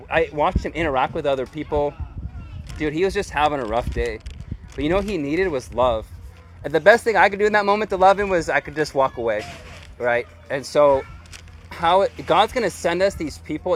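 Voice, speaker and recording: A man's voice: fairly high pitch, animated, fairly quick, a little hiss or hum. A man preaching a sermon in a loose, chatty way, full of "like" and "dude". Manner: informal and chatty, heavy use of "like" and "dude". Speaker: pastor. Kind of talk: casual conversational sermon.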